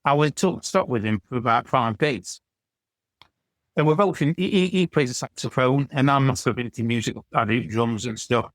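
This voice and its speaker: A man in his 60s from England, appearing as a podcast guest, tells rambling anecdotes in a casual storytelling chat, often stammering and restarting. His mid-range voice has a fairly bright tone, moves at a moderate pace, and is recorded with no echo.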